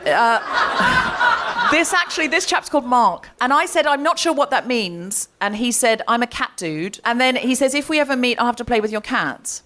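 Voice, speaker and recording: Lively high-voiced woman telling a comic story. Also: normal speed, slight background noise. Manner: animated, laughing as she tells a story. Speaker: comedy podcast host. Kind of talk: live stand-up storytelling. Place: live comedy stage before an audience.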